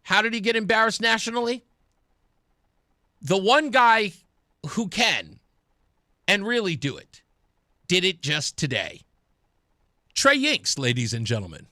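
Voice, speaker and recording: A man's voice: high-pitched, a little slow, long pauses, dry recording, clean studio sound. A man hosting a talk radio show, delivering an opinionated, mocking monologue with frequent laughter. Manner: mocking, animated, laughs often.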